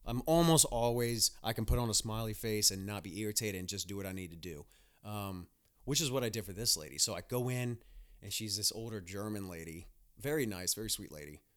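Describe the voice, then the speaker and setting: A man's voice: lowish voice, animated, brisk, clean tone. A young man, a nurse hosting a podcast, talking in a blunt, profane, ranting monologue with mocking asides. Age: young adult.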